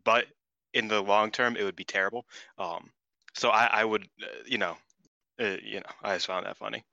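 A man co-hosting a podcast in casual chat, rambling and excitable, swearing freely. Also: on the low side, normal speed, creaky, no room sound, dull audio. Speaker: podcast co-host.

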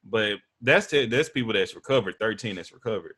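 A man's voice: fairly low pitch, lively intonation, fairly quick, bright, forceful tone, breathy edge. A man with a Texan accent hosting a podcast, talking in a loose, profane, joking way. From Texas. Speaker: podcast host. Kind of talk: casual podcast chat.

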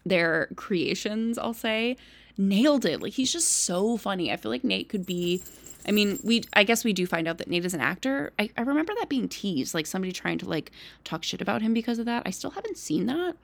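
Chatty young woman with gravelly fry. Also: medium pitch, fairly quick. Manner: chatty, lots of "like" and "um", animated asides. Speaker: podcast host. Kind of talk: casual solo recap chat.

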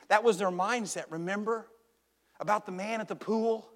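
High-voiced preacher in a reverberant church. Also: male voice, moderate pace. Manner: swings between hushed intensity and shouted emphasis. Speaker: pastor. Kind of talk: sermon. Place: church sanctuary.

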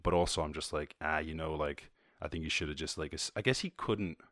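A man's voice: a bass voice, fairly quick, fairly bright tone, no room sound, clean studio sound. A man with an Irish accent hosting his show, casually commenting on a video in a loose, profane way with frequent laughs. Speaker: host.

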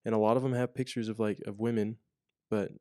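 A man's voice: lowish voice, flat delivery, fast, dark tone, dry recording, clean studio sound. A young man chatting casually on a podcast, rambling with lots of fillers and restarts. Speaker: podcast co-host, corrections officer. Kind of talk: casual chat.

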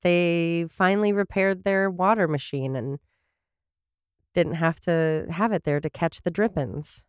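A woman's voice: on the low side, unhurried, clear, resonant tone, dry recording, studio quality. A woman co-hosting a podcast in casual chat, laughing often and stumbling over words as she reads episode summaries. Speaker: podcast co-host.

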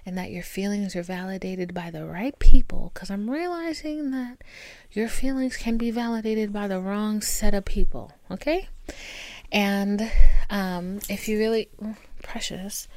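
A woman hosting her own podcast alone at home, talking candidly and swearing freely, with warm pep-talk asides to her listeners. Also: mid-range voice, no room sound. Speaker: podcast host. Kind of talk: casual solo podcast monologue. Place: indoors at home with her dog. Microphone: camera recording.

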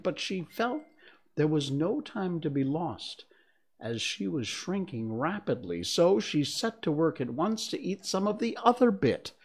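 Slow expressive storybook reading, bit breathy, voice goes all over. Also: mid-range voice. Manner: expressive, slipped once on a word. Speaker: storybook reader.

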